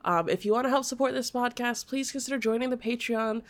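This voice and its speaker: A woman's voice: a little high, fast talker. Stuffy-nosed woman host, chatty and upbeat, giggles a lot. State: congested, nasal from a cold. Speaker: podcast host. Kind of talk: casual podcast interview.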